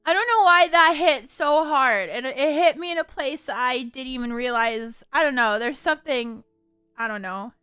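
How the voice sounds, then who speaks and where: A young woman reacting to a romance game on stream, her high voice bright and full of wide swings. She shifts from quiet reading to loud outbursts and cursing, close and dry with faint music behind. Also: normal speed, smooth, no room sound.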